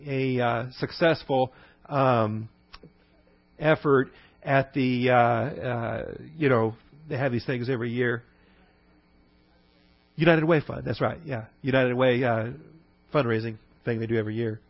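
A middle-aged man teaches a Bible class in a loose, conversational way, stopping often to check that his listeners follow. His voice sits at an ordinary pitch, and the recording is dry and a little dull. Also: a little slow, pauses often, no room sound. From Texas. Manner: explains Greek terms with frequent fillers and check-ins.

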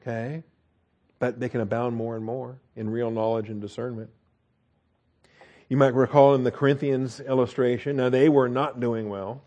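A man's voice: medium pitch, fairly even intonation, normal speed, mellow, highs cut off. A man teaching a verse-by-verse Bible study in a casual, conversational way, with frequent fillers, restarts and "okay?" checks. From United States.

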